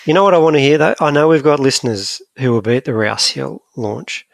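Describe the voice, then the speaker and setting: A man with a gravelly, rough-edged voice co-hosts a podcast, his pitch bouncing up and down as he banters. His talk is casual, jokey and a little rambling. The sound is dry and close, with no room around it. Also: expressive, fairly quick, dry recording. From Scotland. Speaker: podcast co-host. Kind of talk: casual chat.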